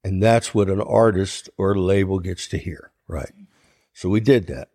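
An older man from Ohio, a songwriter guest, telling an animated anecdote in an interview and acting out the voices in it. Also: low-pitched, measured pace, dry recording, clean studio sound. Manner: animated anecdote telling, acts out quoted voices, laughs often. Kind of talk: storytelling interview.

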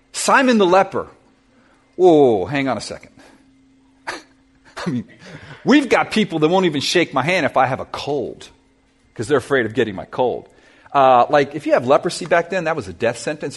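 A man preaching a sermon to his church, telling a Bible story with lively questions to the congregation. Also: mid-range voice, breathy edge. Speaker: pastor.

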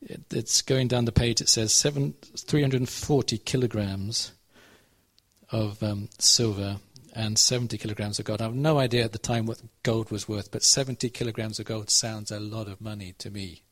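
A man's voice: on the low side, steady tone, moderate pace. A man preaching a conversational sermon, telling a Bible story and checking in with his listeners. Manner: conversational, asks the audience questions.

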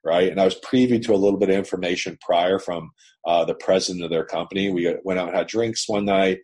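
A man's voice: deep voice, steady tone, quick pace, a little mellow, slightly rough. A man from Canada, a business owner, telling his story in a blunt, profane, emphatic way over a remote call. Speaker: business owner, interview guest. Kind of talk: casual storytelling. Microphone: remote internet call.

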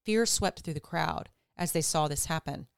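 A woman hosting a podcast, reading scripture aloud in a steady, measured way. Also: sits low, creaky, clear, resonant tone, no echo, studio quality. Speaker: podcast host.

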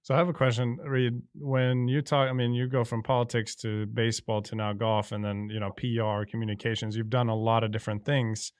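A man's voice: on the low side, no echo, clean studio sound. A man hosting a podcast for a coaching company, asking thoughtful, probing questions. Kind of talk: conversational interview.

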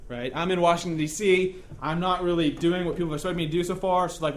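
A man's voice: high-pitched, animated, quick pace, few pauses. A male pastor giving a conversational sermon, joking often and checking in with his listeners.

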